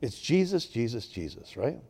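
A man in his sixties, a pastor, preaching a sermon and telling personal stories, swinging between loud, emphatic bursts and quiet asides. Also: medium pitch, very animated, normal speed, gravelly, husky.

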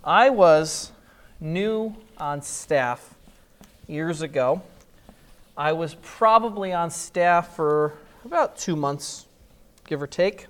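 A man preaching a sermon, telling stories with lively acted-out dialogue. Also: on the high side, slow, long pauses, smooth. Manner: animated storytelling, acting out scenes in different voices. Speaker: pastor.

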